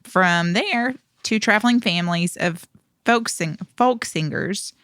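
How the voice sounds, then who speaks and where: A woman co-host reading background notes aloud in a studio, steady but tripping over foreign names. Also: medium pitch, a little slow, clear, resonant tone, no echo.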